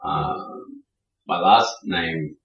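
Man, travel storyteller, animated delivery, acts out quotes, roomy echo, distant mic. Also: low-pitched, very slow. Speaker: podcast guest, traveler. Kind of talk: casual storytelling. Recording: roomy, distant, dull sound.

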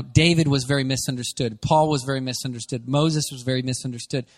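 A man preaching a sermon, moving from casual, conversational asides to loud, shouting exhortation. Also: a little high. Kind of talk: energetic sermon. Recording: long hall reverb.

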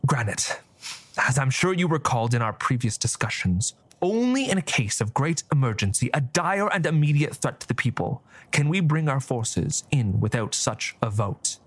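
A man voicing a scheming, composed male church cardinal who speaks in measured, formal oratory. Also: medium pitch, big pitch swings, dry recording.

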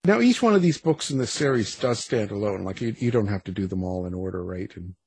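Gravelly male interviewer. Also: lowish voice, lively intonation, fairly quick, a little mellow, dry recording. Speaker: interviewer host. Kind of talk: casual interview questions.

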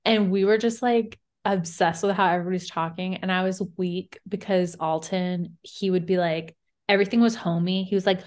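A young woman from Virginia, her Southern accent light, co-hosts a casual podcast where she laughs easily and fills her sentences with "like." She speaks at a normal speed in a fairly low, slightly mellow voice with fairly even intonation.

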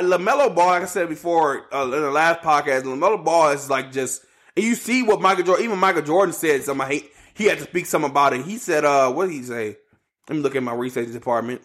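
A man with a fairly high voice and hosts a casual solo sports podcast. He rambles, circles back, and repeats himself in loose, slangy, animated talk. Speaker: podcast host.

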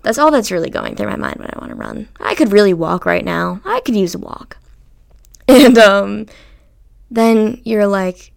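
A young woman hosting a casual solo podcast, chatty and animated, swearing freely and acting out what people said to her. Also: mid-range voice, a little slow, vocal fry, pauses often. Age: young adult. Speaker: podcast host.

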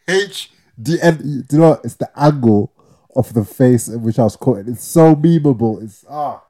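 A man's voice: mid-range voice, measured pace, dark tone. A young man, co-hosting a podcast and animatedly retelling a story, acting out quotes with slang and tagging lines with "yeah?". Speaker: podcast co-host. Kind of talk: casual storytelling chat.

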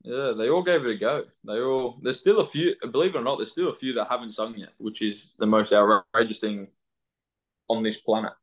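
A young man with an Australian accent, chatting loosely as a footballer guest on a podcast, laughing easily. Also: mid-range voice. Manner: relaxed, laughing, halting with fillers. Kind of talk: casual podcast interview.

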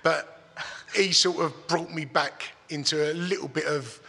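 A man's voice: fairly high pitch, unhurried, vocal fry, pushed and bright, husky, big-room sound. Sweary man telling a rambling story. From England. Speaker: guest. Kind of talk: casual storytelling.

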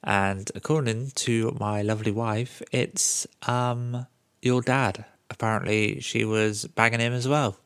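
A man's voice: medium pitch, steady tone, a little slow, smooth, no echo. A man hosting a podcast, recapping a video game in a casual, sarcastic way and swearing freely. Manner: sarcastic, swears freely, mocks the game's characters. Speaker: podcast host.

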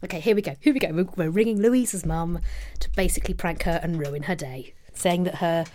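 A woman's voice: fairly low pitch, brisk, dark tone. A woman co-hosting a podcast, teasing her partner and reacting with enthusiasm. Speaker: podcast co-host. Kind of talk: casual chat.

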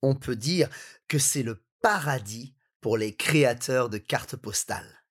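A man with a French accent, co-hosting a language lesson, reading a text in chunks and asking quick questions. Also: medium pitch, fairly bright tone, slightly rough. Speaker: native-speaker co-host. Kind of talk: reading a text aloud and chatting.

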